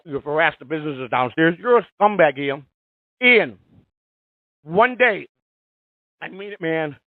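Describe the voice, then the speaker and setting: A man's voice: on the high side, no echo. A man in his fifties hosting a live call-in radio show, ranting in a profane, heated, confrontational way. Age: 50s. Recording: tinny phone-like, dry sound.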